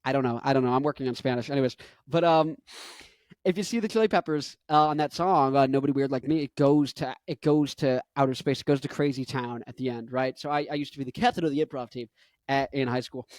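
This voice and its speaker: A man's voice: medium pitch, fast talker, darkish tone, dry recording. A man in his twenties chatting casually and at length, rambling with lots of fillers and self-corrections. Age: 20s. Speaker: musician and vlogger.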